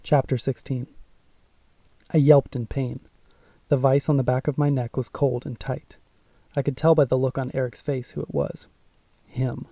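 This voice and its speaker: A man narrating a first-person audiobook in a measured, suspenseful way. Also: mid-range voice, little pitch movement, vocal fry, dark tone, no echo, recorded from a distance.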